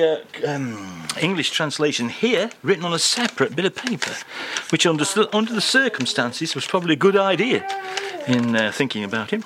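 A man's voice: a little high, noisy background. A man hosting a radio show, talking in a rambling, wry, self-mocking way into a studio microphone. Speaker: radio host. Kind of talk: casual on-air banter. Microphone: studio microphone on stand.

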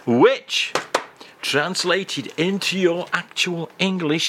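A man hosting a comic radio segment, rambling in a mock-pompous, deadpan way. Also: mid-range voice, a little slow, a little hiss or hum. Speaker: radio comedy host.

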